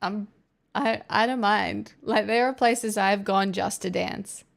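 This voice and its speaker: Australian woman streamer, gravelly fry in the voice, casual chat replying to viewers. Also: mid-range voice, fairly even intonation, slow. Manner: chatty, answers chat messages, rambling restarts. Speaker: livestreamer.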